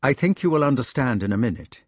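A man's voice: medium pitch, sing-song, quick pace, husky, no room sound, studio quality. A man voicing an aging king who is agitated and full of remorse, speaking in urgent, pleading bursts. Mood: gentle.

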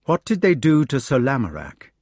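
A man's voice: mid-range voice, huge pitch swings, normal speed, a little mellow, slightly rough, no echo, studio quality, voice pushed up. A man voicing an aging king who is agitated and full of remorse, speaking in urgent, pleading bursts. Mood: gentle.

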